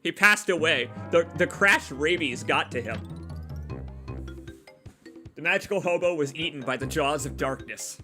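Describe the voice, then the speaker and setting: A young man streaming a game, rambling and joking with his chat, his voice a little hoarse from long talking. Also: a little high, measured pace, pauses often, over music. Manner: rambling, joking, self-deprecating asides to chat. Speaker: let's play streamer. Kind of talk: casual gameplay commentary.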